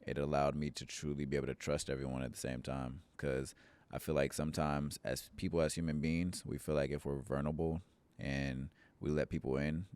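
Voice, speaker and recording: Very deep-voiced young man, earnest. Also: smooth. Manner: relaxed, earnest storytelling. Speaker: church member, podcast guest. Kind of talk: casual podcast chat, personal testimony.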